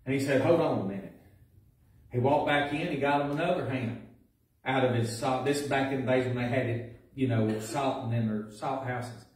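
A man preaching a sermon as pastor, telling folksy stories that build to loud preaching. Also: mid-range voice, normal speed. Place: church sanctuary. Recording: echoey church recording from a distance.

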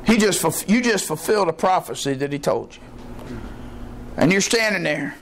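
A man with a high, lifted voice preaches an evening sermon. He talks in a folksy way and punctuates his points with "Amen". His questions go out to the congregation, and a faint hum sits under his words. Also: lively intonation, moderate pace. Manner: folksy preaching with frequent "Amen" call-outs. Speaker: pastor. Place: church service with a responding congregation.

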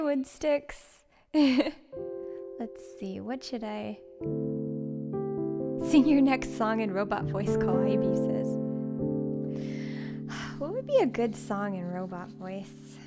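A high, soft-spoken woman chatting unhurriedly to her stream viewers, breaking into giggles often. Her voice carries a long reverb tail, with faint piano music behind it. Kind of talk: casual live-stream chat. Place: home streaming setup.

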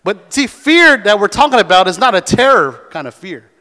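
A male pastor preaches in a church with a fairly high, animated voice and draws the congregation into call and response. A long reverb from the sanctuary trails every phrase. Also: normal speed. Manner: animated, calls for audience response. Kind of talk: sermon.

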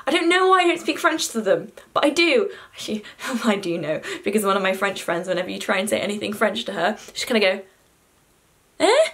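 A woman's voice: mid-range voice, animated, fast, hardly any pauses, a bit bright. A young woman, chatting to camera in a self-deprecating, casual way with the odd swear word. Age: young adult. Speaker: vlogger.

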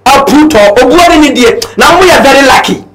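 Ghanaian man, very high-pitched voice, fiery declaiming guest, echoey room. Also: animated, brisk, a bit bright, a little hiss or hum. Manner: fiery, declaiming, switches between languages. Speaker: guest, party supporter. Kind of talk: impassioned political talk.

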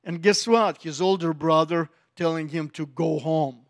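A middle-aged male pastor, preaching a sermon and telling the story with lively acted-out voices. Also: high voice, a little slow, few pauses. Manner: animated storytelling, acting out voices of biblical figures.

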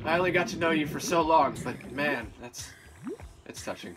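Game music and a noisy background accompany a man whose slightly high voice is expressive and moderately paced. Hosting a let's play, he chats playfully, gushing and speaking to the on-screen creatures.

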